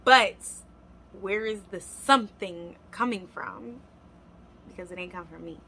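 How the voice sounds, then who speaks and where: Bright-voiced woman telling a story. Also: medium pitch, unhurried, slight background noise. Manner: animated, talks straight to viewers. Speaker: vlogger. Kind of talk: storytime vlog, casual chat.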